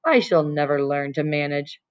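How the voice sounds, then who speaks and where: A woman's voice: low-pitched, moderate pace, highs cut off, natural voice. A woman voicing a fussy, flustered old supernatural lady with a plaintive, fluttery manner.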